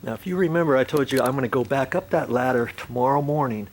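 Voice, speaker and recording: A man's voice: mid-range voice, fast. A man hosting a do-it-yourself video, explaining things in a plain, repetitive way and checking in with "okay?" as he works on a ladder outdoors. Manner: plain-spoken, repeats points and checks in with "okay?". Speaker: DIY video host. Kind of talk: casual how-to demonstration. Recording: roomy, distant, noisy outdoor recording.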